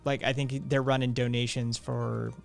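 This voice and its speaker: A man's voice: mid-range voice, little pitch movement, normal speed, creaky, soft background music. A man hosting a live stream, chatting casually, reading viewer comments aloud, blunt and profane with sarcastic laughs.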